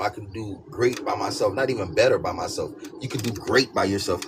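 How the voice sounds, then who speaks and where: This tarot reader, a man with a somewhat low voice and moderate pace, keeps his reading casual but emphatic. He circles back over his points with frequent "you know what I'm saying" asides, and steady noise and birdsong fill the background.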